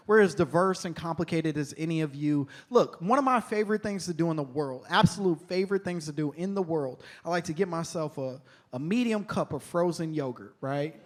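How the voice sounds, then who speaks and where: A man performing a stand-up comedy set on stage, telling stories in an animated, conversational way. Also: fairly high pitch, fairly quick, few pauses.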